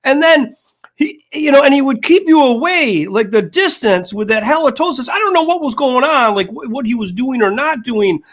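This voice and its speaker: Older guy cohosting a sports chat, really high voice, rambles through stories. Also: expressive, normal speed, fairly bright tone. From United States. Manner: storytelling, acts out quoted dialogue. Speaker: podcast co-host. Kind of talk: casual chat.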